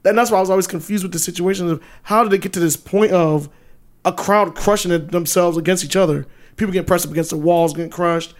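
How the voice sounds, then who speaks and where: A man co-hosting a podcast, chatting casually with loose, profane, animated storytelling. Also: high-pitched, quick pace. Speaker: podcast co-host.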